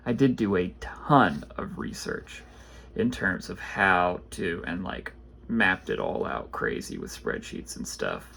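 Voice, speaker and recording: A man casually opening trading card packs, reading card names aloud and chatting about them in a rambling, low-key way. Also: very animated, slow, gravelly, pushed and bright, slight background noise. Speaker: card pack opener. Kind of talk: casual pack-opening commentary.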